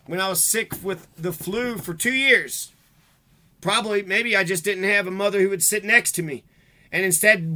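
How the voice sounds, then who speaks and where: A man's voice: high voice, steady tone, moderate pace, sharp tone. A man delivering a rambling, bitter, profane monologue to the camera. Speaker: vlogger.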